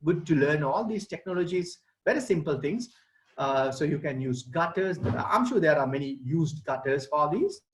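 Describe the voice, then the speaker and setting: A man speaks in a somewhat high voice. He explains gardening ideas in an online presentation, addressing children and their parents in a plain teaching manner. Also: animated, moderate pace, rough recording. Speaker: gardening expert.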